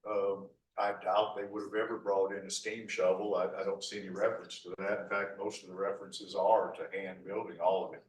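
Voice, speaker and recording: A middle-aged man with a low voice speaks briskly, with few pauses and little pitch movement, in a rambling, folksy local history slide lecture full of asides and "uh" restarts. The recording comes from far off in an echoey lecture hall.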